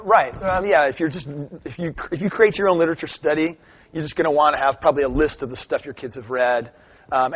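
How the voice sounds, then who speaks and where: A middle-aged man giving a live teaching talk, lively and chatty, often checking in with "right?". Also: on the high side. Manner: animated storytelling, asks "right?" often. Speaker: workshop presenter.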